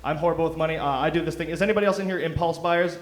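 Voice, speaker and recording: A man's voice: a little high, steady tone, very fast. A young man from Detroit doing a loose, self-mocking stand-up set, chuckling through his lines. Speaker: stand-up comic. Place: comedy club stage. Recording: roomy club sound.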